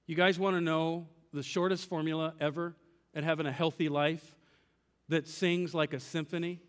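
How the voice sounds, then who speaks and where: A man's voice: fairly high pitch, flat delivery, normal speed, smooth, big-room sound. A man preaching a sermon as pastor, telling a personal story, acting out dialogue with God and asking the congregation questions. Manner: asks the congregation direct questions.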